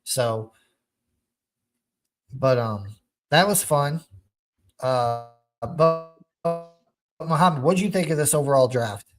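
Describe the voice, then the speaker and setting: Rambling, animated young football fan. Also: male voice, fairly high pitch, takes it slowly, long pauses, faint music behind. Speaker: podcast host. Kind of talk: casual sports chat.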